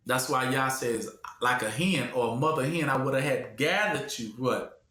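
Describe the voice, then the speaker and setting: A man's voice: medium pitch, moderate pace, pushed and bright. A man preaching a call-and-response sermon, asking the room to finish his sentences and acting out voices. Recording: echoey room.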